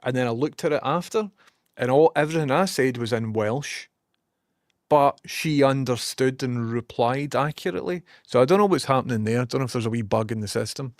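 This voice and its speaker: A young man with a broad West of Scotland accent rants animatedly to his viewers, peppering his talk with swearing. His voice sits at an ordinary middle pitch, recorded close and dry with no room sound at all. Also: a little fast, darkish tone, no room sound. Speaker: streamer chatting with viewers. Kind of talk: casual chat.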